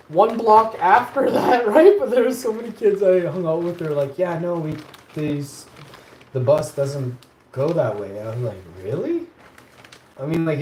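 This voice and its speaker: A live streamer with a high-sitting, slightly mellow voice casually tells rambling stories from his childhood. He laughs often and gets louder when quoting people, in an echoey room with faint ambient noise.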